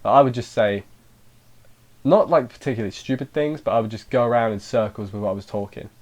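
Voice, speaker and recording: A man talking through an anime episode in a loose, chatty review at a mid-range pitch. He wanders off into jokey asides and restarts his sentences often, then drifts back to the plot. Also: fast talker, darkish tone. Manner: rambling, self-interrupting, with jokey asides. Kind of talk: casual spoken review.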